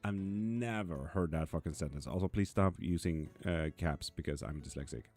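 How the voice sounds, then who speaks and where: A man's voice: sits low, moderate pace, darkish tone, faint music behind. A man hosting a live tarot stream, chatting casually and bluntly as he answers viewers by name. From Sweden. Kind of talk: casual live-stream chat reading comments. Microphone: streaming mic.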